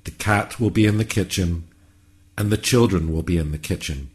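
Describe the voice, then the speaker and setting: A man narrating a whimsical story in a calm, measured, wry way. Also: sits low.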